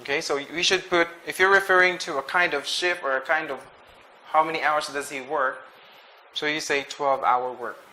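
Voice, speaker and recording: Over poor audio, a male English teacher with a fairly high, steady, sharp voice walks through a grammar lesson. He's patient and slow, frequently checking "okay?" and stopping to restart and fix what he's saying.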